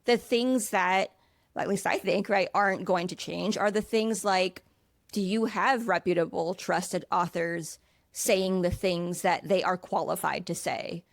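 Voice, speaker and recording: A woman's voice: on the low side, fairly even intonation, measured pace, vocal fry, no room sound. A woman hosting an interview, talking in a rambling, casual way with lots of filler words. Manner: rambling, many fillers like 'like'. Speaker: podcast host.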